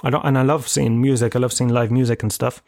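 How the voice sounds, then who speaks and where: A man's voice: mid-range voice, fairly even intonation, fast, darkish tone, no echo. An Irish man in his thirties hosting a solo podcast, telling rambling, profane, self-mocking stories in casual chat. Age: 30s. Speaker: podcast host.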